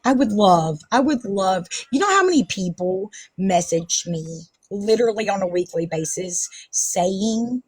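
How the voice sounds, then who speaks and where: A woman's voice: medium pitch, lively intonation, a little slow, few pauses, breathy edge, dry recording. A woman hosting a casual live stream, ranting defensively and sarcastically, swearing often. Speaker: livestream host.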